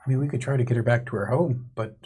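A man's voice: mid-range voice, fast, darkish tone, husky. A man playing a tabletop game, casual and joking. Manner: jokey, laughs often. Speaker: player.

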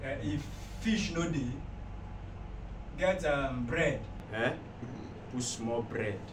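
A man's voice: mid-range voice, animated, slow pace. A man with a Nigerian accent playing a friend who gives advice and keeps repeating himself. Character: patient friend giving advice. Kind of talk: comedy skit acting. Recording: echoey room, far-off mic, loud background noise.

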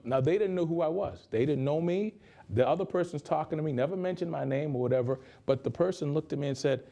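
A man's voice: a little high, fast, gravelly, mellow. A male pastor giving a conversational sermon in a radio studio, repeating phrases for emphasis.

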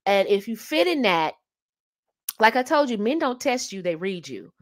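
A woman's voice: mid-range voice, big pitch swings, normal speed. A woman hosting a casual advice talk on dating, emphatic and fond of repeating her key phrases with rhetorical asides. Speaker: host giving dating advice.

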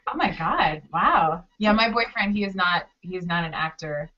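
A woman's voice: on the low side, expressive, normal speed, lo-fi sound, a crowd in the background. A woman hosting an interview, effusive and exclamatory, often repeating her words. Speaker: interview host and costume designer. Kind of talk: casual interview chat.

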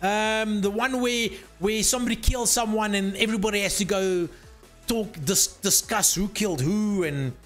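A man's voice: sits high, moderate pace, faint music behind. A man chatting casually and teasingly on a live stream, swearing freely while working on hardware.

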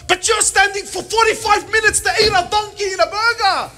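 A man's voice: extremely high pitch, fairly quick, few pauses, sharp tone. A man giving a humorous, emphatic religious talk on a mosque panel, scattering Arabic oaths through his speech. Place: mosque hall.

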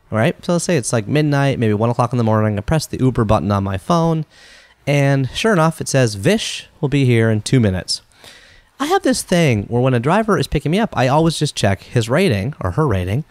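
A man hosting a podcast, telling a story in a chatty, animated way and acting out the quotes. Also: mid-range voice, no room sound. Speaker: podcast host.

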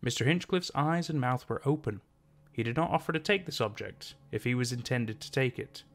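A man narrating a classic short story in a measured storytelling manner. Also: medium pitch. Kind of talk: scripted narration.

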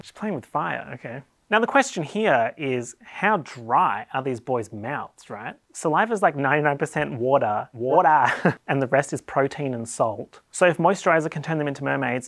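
A man's voice: medium pitch, expressive, moderate pace, fairly bright tone, no room sound. An Australian man hosting a comedic explainer video, talking in a playful, wry and sarcastic way. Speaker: YouTube host.

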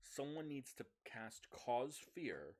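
A man's voice: medium pitch, big pitch swings, slow pace, a little mellow. A man running a tabletop role-playing game, answering the players with dry, teasing remarks. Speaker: game master.

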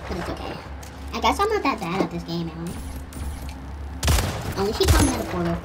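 A woman's voice: medium pitch, big pitch swings, moderate pace, very noisy, lightly acted. Woman voicing a grumpy cursing pit bull puppy. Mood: grumbling. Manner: whiny, cursing, complaining. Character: grumpy foul-mouthed pit bull puppy playing a shooter. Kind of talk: gaming commentary in character. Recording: distant voice under loud gunfire.

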